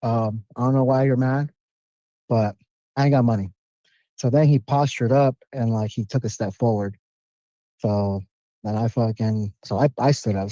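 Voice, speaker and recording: A man calling into a podcast, telling a story with animated, profane street slang. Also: fairly low pitch, dry recording, low-quality recording. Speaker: caller. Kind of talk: casual storytelling on a call.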